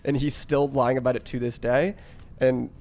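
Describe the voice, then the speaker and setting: A man's voice: mid-range voice, level tone, normal speed, a little mellow. A man streaming live, telling a rambling story to his chat, swearing freely and often breaking into laughter.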